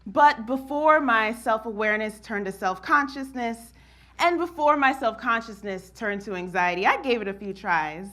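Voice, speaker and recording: A woman's voice: fairly high pitch, normal speed, fairly bright tone. A woman from New Jersey performing a spoken-word monologue, telling her story expressively and laughing often. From New Jersey, USA.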